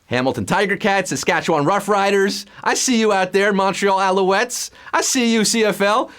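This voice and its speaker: A man's voice: sits high, normal speed, smooth. A man hosting a live trivia game show, reading questions and answers in a playful, punning, hyped-up way. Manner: playful, punning, lively hype. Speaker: quiz show host.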